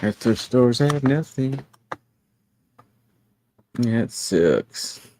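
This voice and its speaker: A man hosting a casual livestream, chatting about his toys in an animated, talkative way, laughing often and swearing now and then. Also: medium pitch, extremely slow, slight background noise. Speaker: livestream host.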